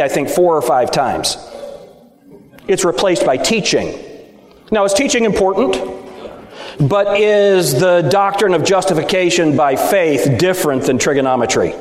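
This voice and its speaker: In a big, echoey sanctuary, a middle-aged Baptist preacher delivers an animated, emphatic sermon at a moderate pace, keeping the room with him through rhetorical questions that seek agreement. His voice sits a touch high for a man and rings with a long reverb, and he is at times off mic.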